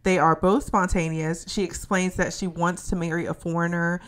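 A woman's voice: on the low side, fairly even intonation, moderate pace. Woman casually recapping a reality show. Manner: plain narrating recap, wry asides. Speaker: podcast co-host.

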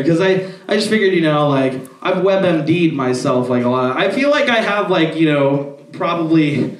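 A young stand-up comedian rambles through his set with a loose, filler-heavy delivery and plenty of swearing. His voice sits a little high. The sound is roomy and comes from a distance, as if caught away from the mic in a club. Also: expressive, moderate pace, few pauses.

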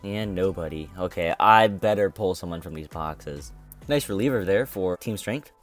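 A man's voice: sits low, moderate pace, faint music behind. A young man hosting his own gaming channel, commentating a mobile game box opening in a frustrated, complaining way and repeating himself.

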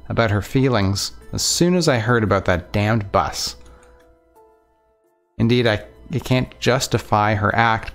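Low-voiced man reading a story aloud. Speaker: let's play narrator. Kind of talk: reading a visual novel aloud.

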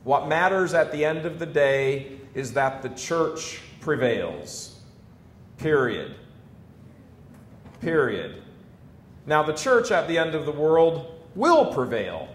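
An American man in his fifties gives an emphatic preaching talk to a live audience. He swings between loud declarations and quiet storytelling. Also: big pitch swings, slow pace, long pauses. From United States. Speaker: Catholic speaker addressing an audience. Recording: echoey room, faint low rumble.

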